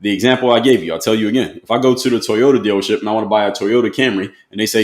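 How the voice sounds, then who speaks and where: A blunt man in his thirties talks quickly and emphatically, hammering his points home. His voice carries a roomy echo, as if recorded in a bare room. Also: on the low side. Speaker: motivational commentator. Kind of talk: casual commentary to camera.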